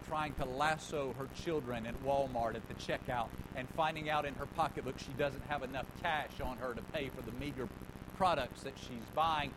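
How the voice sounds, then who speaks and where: A male pastor preaching a sermon, swinging between loud emphatic lines and quiet, hushed asides. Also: on the high side, noisy background.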